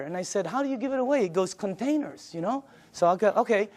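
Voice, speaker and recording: An older man with a high voice delivering an emphatic sales pitch. He presses each point and acts out conversations with friends as he goes. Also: lively intonation, fast talker. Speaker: business presenter. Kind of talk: sales presentation.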